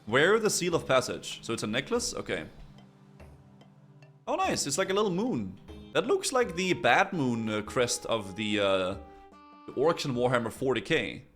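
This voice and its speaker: A man's voice: mid-range voice, big pitch swings, normal speed, a bit bright, soft background music. A man streaming a game, giving casual, playful commentary and swearing freely. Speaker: gaming streamer. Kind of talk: gaming commentary.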